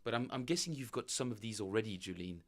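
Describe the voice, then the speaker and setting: Male streamer, slightly low voice, loose rambling chat with viewers. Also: animated, fast talker, over loud music. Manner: rambling, thinking aloud, chatting with viewers. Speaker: bass player streaming practice. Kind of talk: casual livestream chat.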